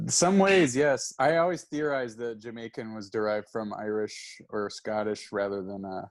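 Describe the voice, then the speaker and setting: A man co-hosting a podcast, joking with puns in casual chat. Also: fairly low pitch. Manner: quick with puns, laughing.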